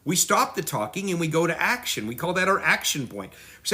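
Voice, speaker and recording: Lively man teaching parenting. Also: a little high. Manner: animated, acts out children and parents in quick voices. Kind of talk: teaching talk.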